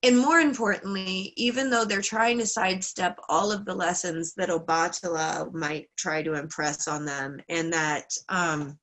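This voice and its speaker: A woman's voice: on the low side, measured pace, few pauses. Chatty woman telling a folk tale. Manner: lively, chatty, with fillers and asides. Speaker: class leader. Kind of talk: casual storytelling lesson.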